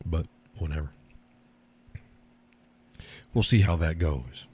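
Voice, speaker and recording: A man's voice: rumbling low, expressive, takes it slowly, darkish tone, breathy edge. A man hosting a live stream, chatting casually and answering his viewers with frequent laughs. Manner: rambling, laughs often, reads and answers chat.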